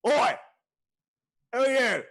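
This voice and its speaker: A man voicing a gruff male orc innkeeper with a bolted-on jaw, shouting short impatient questions in a raised, strained voice. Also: expressive, slow pace, full character voice. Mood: brusque. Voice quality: loud, high, barking shouts.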